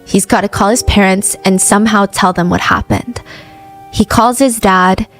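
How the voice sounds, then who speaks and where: A woman's voice: mid-range voice, moderate pace, faint music behind, rough recording. A woman hosting a true crime show, retelling the case in a chatty, casual way and acting out quoted lines.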